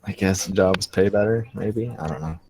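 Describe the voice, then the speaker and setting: Man, player on a video call, very low voice, slight background hiss, laid-back. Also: moderate pace. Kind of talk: casual tabletop play over video call.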